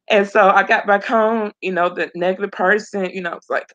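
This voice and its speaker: A woman with a medium-pitched, somewhat bright voice speaks fairly quickly with few pauses and fairly even intonation, the recording's highs cut off. A mother of twins and program graduate, she's an interview guest giving emotional personal testimony, telling her story earnestly and often repeating phrases.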